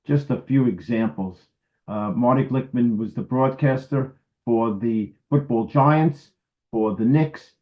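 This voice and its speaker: A man's voice: medium pitch, measured pace, lo-fi sound. A man in his seventies from New York City, giving a lecture over a video call in a wry, anecdotal, conversational way. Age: 70s. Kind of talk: storytelling lecture.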